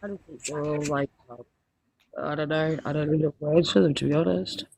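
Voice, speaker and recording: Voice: mid-range voice, steady tone, a little fast, vocal fry, a little mellow, slight background noise, rough recording. A livestream host talking back to viewers, hesitant and full of fillers, scolding at times. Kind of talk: livestream chat.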